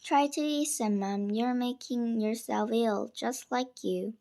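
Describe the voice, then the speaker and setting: A woman reading aloud, voicing an anxious mother who fusses and gently scolds her daughter, sometimes slipping into a soft whisper. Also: a little high, takes it slowly, creaky. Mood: worried.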